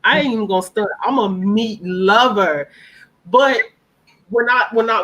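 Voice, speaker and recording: A woman's voice: medium pitch, a bit bright, rough recording. A woman speaking on a live-stream panel, earnest and heartfelt, repeating phrases for emphasis.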